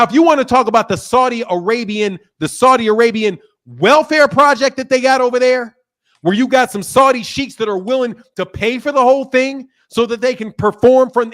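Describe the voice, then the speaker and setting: A man's voice: very high-pitched, normal speed, fairly bright tone. A man hosting a boxing talk show, arguing heatedly, interrupting and swearing. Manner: combative, interrupting, profane. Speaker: boxing channel host. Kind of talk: heated debate.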